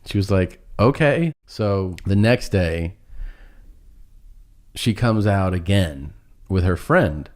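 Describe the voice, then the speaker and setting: A middle-aged man telling a long, funny personal story on a podcast. He laughs through it and pauses often. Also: sits low, lively intonation, darkish tone. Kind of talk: casual storytelling chat.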